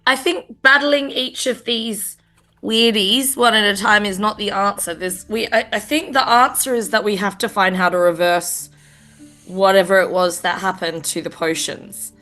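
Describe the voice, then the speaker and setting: A woman's voice: mid-range voice, steady tone, normal speed, pushed and bright, faint music behind. A woman playing a tabletop game, reasoning aloud in a thoughtful, hesitant way. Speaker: player. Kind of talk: casual tabletop chat.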